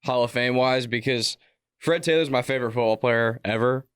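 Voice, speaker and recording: Young male radio co-host, earnest and steady, smooth resonant voice, mid pitch. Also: normal speed, dry recording, clean studio sound. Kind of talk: casual sports talk. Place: radio studio.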